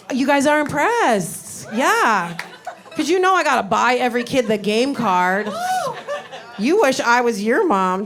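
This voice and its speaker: A woman in her forties doing a stand-up comedy set, with a deadpan, weary drawl full of sighs and trailing asides. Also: mid-range voice. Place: comedy club stage. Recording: noisy background.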